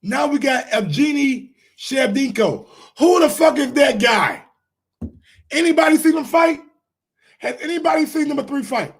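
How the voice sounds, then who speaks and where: A man with a New York accent hosts a casual live-stream sports show, ranting animatedly and firing rhetorical questions at his viewers in the chat. His voice is extremely high-pitched and his pace moderate.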